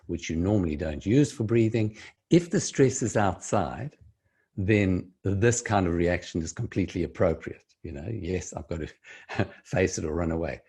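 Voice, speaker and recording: Slow deep husky man explaining calmly. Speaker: speaker giving breathing advice. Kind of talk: calm explanatory talk to camera.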